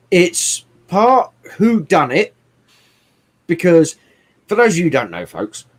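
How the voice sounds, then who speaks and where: A man chatting casually about films, animated and swearing often, with bursts of mimicry. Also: fairly high pitch. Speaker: podcast co-host. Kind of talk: casual movie chat.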